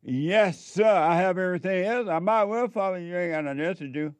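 A man's voice: sits high, a little fast, no room sound, voice pushed up, natural voice. A man voicing a proud rich young man who scoffs at giving up his wealth. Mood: offhand. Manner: scoffing, dismissive.

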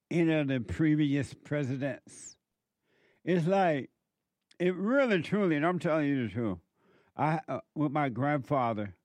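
Man, commentator, preachy monologue, very slow delivery, emphatic, dry close sound. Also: a little high, dry recording. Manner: slow, emphatic, exhorting the listener.

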